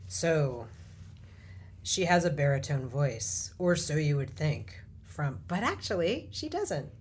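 Podcast guest lady, lowish voice that swings around a lot, emphatic, bit of background noise. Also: very animated, slow. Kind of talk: casual panel chat.

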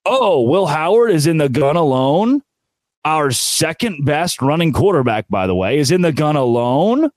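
A man hosting a college football recap show, ranting with exasperated sarcasm and animated swings in his voice. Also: fairly high pitch, normal speed, no echo. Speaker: sports show host.

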